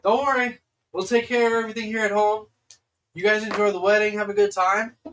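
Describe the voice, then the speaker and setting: A man voicing a cheerful woman who sees the travelers off, raising his voice high and bright. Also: level tone, a little fast, distant mic, a little hiss or hum. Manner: bright, chirpy and loud.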